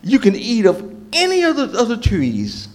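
A man's voice: very high voice, huge pitch swings, moderate pace, a little mellow, pitched above the performer's own voice, exaggerated voice. A preacher voicing God as a patient fatherly man. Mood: instructive.

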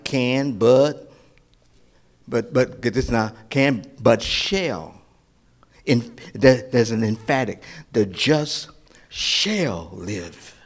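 Preaching man swinging loud to whispered. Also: mid-range voice. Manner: call-and-response questions, swings from loud preaching to near whispers. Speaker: pastor. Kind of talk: sermon.

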